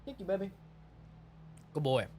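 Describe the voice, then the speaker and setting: A man's voice: high voice, big pitch swings, normal speed, warm tone, slight background noise. A man in his twenties chatting casually on a live stream, boastful and profane in his banter.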